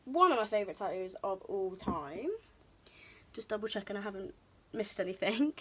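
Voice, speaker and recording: A woman's voice: medium pitch, lively intonation, normal speed, a bit bright, breathy edge. A young woman chatting casually through a show-and-tell vlog, bubbly and a little out of breath, with frequent ums, recorded on a camera on a tripod. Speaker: vlogger. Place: indoor room, tripod camera. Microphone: camera mic on tripod, moved around.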